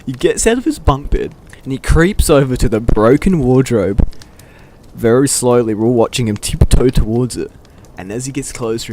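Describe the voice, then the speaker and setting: A young man with a mid-range voice casually recounts stories from school camp, swearing and laughing a lot as he animatedly quotes his friends. There's a slight hiss or hum in the recording.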